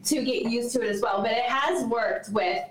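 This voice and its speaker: A woman's voice: fairly high pitch, normal speed, reverberant. A woman co-hosting a casual podcast chat, telling family stories in a chatty, easy-laughing way. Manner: chatty, anecdotal, laughs easily. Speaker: podcast co-host, parent.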